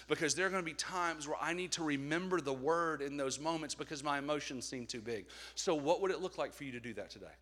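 A man's voice: fairly high pitch, quick pace, hardly any pauses, fairly bright tone. A middle-aged man preaching a candid, conversational sermon with jokes along the way. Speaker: pastor.

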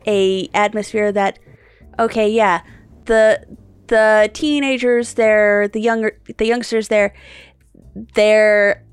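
A woman co-hosting a podcast in casual chat, thinking aloud in a halting way and often rephrasing herself. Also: mid-range voice, level tone, smooth, no room sound, faint music behind. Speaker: podcast co-host.

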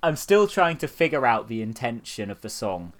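A man's voice: mid-range voice, very animated, moderate pace. A man hosting a casual comedy podcast, sarcastic and laughing often as he mocks what he reads. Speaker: podcast host. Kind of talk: casual comedic chat, reading posts aloud mockingly.

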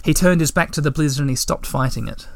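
A man reading a children's storybook aloud in measured, gentle audiobook narration. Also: fairly high pitch, gravelly, dry recording, clean studio sound.

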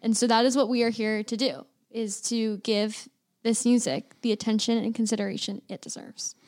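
A woman's voice: on the high side, little pitch movement, normal speed, a little mellow. A woman co-hosting a podcast in casual chat who backs her partner with frequent affirmations. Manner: agreeable, backs the other host with frequent affirmations. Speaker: podcast co-host.

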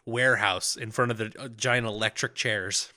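Bright-voiced laughing podcast man. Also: on the low side, fairly even intonation, normal speed. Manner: laughs often, recaps plot in quoted bits. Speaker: podcast co-host. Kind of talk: casual comedic movie chat.

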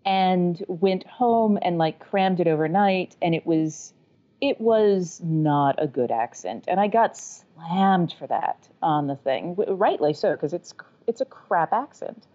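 A woman's voice: lowish voice, lively intonation, takes it slowly, dark tone. A woman from the American South, an audiobook narrator and author, talking candidly and chattily in an interview, with a self-deprecating manner. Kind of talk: casual interview conversation. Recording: dull lo-fi sound.

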